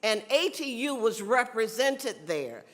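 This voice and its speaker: A woman's voice: a little high, very animated, measured pace. A woman from South Carolina with a Southern accent, giving a folksy, teasing convention speech and calling out to the crowd. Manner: chatty, teasing, calls out to the crowd. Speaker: convention speaker. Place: large convention hall. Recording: long hall reverb.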